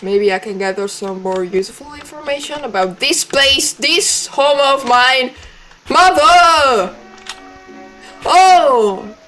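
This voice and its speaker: A woman's voice: fairly high pitch, a bit bright. A woman, a native Italian speaker, playing a text game and reading its lines aloud with chatty, playful asides. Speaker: let's play streamer.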